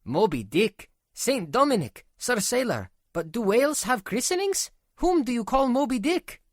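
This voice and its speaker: Male reader putting on an eager nobleman, high lively voice, dry close sound. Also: normal speed, no room sound, full character voice. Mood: incredulous. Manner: high, exclaiming, incredulous. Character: excitable Spanish nobleman, incredulous and eager.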